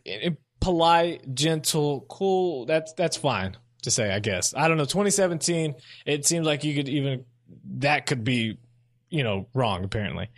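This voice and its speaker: A young man with a slightly higher voice hosts a solo sports commentary show. He speaks casually and thinks out loud. His delivery is opinionated.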